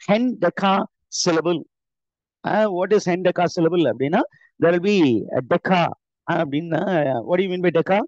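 A man with an Indian English accent teaches a live online lesson. His voice sits a little high. He explains step by step with frequent filler "uh"s and quick self-corrections. The call audio is dull and dry. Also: a little mellow, dry recording. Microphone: computer mic on an online class call.

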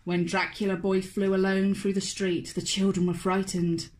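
A woman, a children's author, reading a picture book aloud to toddlers in a slow, expressive, sing-song way. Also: mid-range voice, noisy background. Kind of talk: storybook read-aloud for toddlers.

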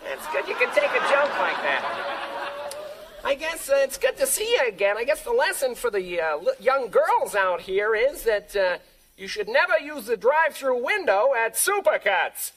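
A woman's voice: a little high, very animated, normal speed, fairly bright tone, a faint crowd. A woman playing a joking male talk-show host in a comedy sketch, firing off punchlines. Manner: joking, upbeat, punchline delivery. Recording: noisy TV studio broadcast with audience.

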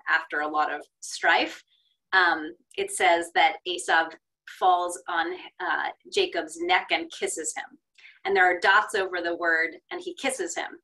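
A woman Torah scribe explaining interpretations in an online class, measured with some fillers. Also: lowish voice, sharp tone, low-quality recording.

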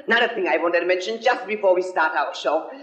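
A man's voice: high voice, fast, a bit bright. A man with a French accent hosting a cabaret show, playful and camp, cracking jokes to a live crowd. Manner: playful, camp, chatty, laughs at own jokes. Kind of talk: stage compering with jokes. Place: hotel cabaret room, live audience. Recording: echoey, dull 1970s live stage recording.

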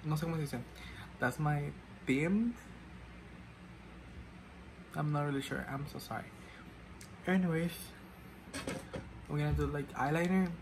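Rambling, self-mocking man, slightly high voice. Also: steady tone, a little fast, long pauses, background noise. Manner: rambling, self-mocking, switches languages mid-sentence. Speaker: makeup vlogger. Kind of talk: casual chat while doing makeup.

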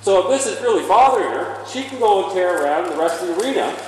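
Animated man teaching in an echoey arena. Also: high-pitched, fast talker. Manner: emphatic, animated, talks through each step. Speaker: horse trainer. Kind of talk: instructional demonstration. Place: indoor horse arena. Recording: echoey arena from far off, faint noise.

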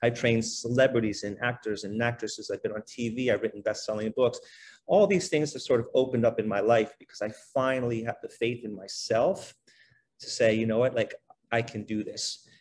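A middle-aged man, a guest on a podcast, telling his life story in a relaxed, conversational way, filling his speech with "you know" and "like". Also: medium pitch. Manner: animated, fast-flowing, many fillers like "you know" and "like". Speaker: podcast guest, basketball trainer.

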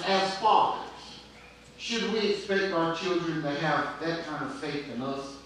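A middle-aged male pastor preaching slowly and deliberately, letting his words hang between pauses. His voice sits a little high for a man. It is recorded from far off in a very echoey church sanctuary, with faint room noise underneath. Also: sharp tone. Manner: storytelling preacher, pauses often, prays aloud. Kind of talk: sermon.

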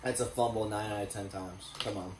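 A young man giving excitable, profane live reactions while watching a football game. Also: on the low side, brisk. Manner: excitable, profane, bursts of cheering. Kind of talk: casual live reaction commentary. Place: indoor room watching TV. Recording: echoey room with background noise.

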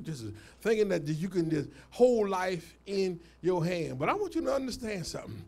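A man preaching a live sermon as a pastor, shouting, laughing and swinging between loud and soft. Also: high-pitched, sing-song, normal speed, creaky, hardly any pauses. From United States.

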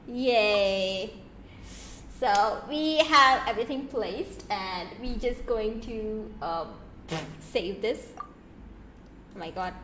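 A young woman streaming a game, chatting casually with playful, teasing, excitable exclamations. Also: medium pitch, very slow, long pauses, echoey room, noisy background. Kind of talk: casual gameplay commentary.

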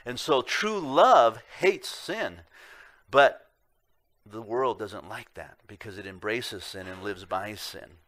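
In a church sanctuary, a pastor delivers a sermon slowly, earnest and emphatic. He poses rhetorical questions to the congregation and swings between loud emphasis and quiet, low remarks.

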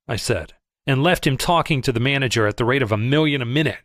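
A man reading a first-person audiobook in a lively storytelling manner, close to the mic. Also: mid-range voice, fast, dry recording. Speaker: audiobook narrator.

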